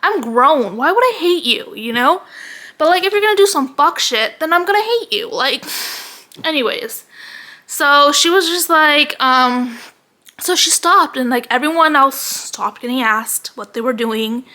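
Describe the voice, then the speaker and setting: Young woman vlogger, high bright voice, animated sweary rant, slightly out of breath. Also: unhurried. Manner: animated, heavy use of "like", swearing. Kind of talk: casual ranting vlog.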